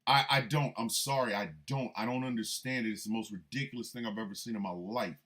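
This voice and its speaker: A man hosting a radio show, delivering a comedic rant with an animated, incredulous manner and sudden loud outbursts. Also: lowish voice, fast talker.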